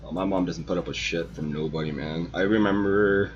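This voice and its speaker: A man hosting a casual model-building stream, telling profane, animated stories in a relaxed chat. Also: low voice, a little fast, highs cut off, faint music behind.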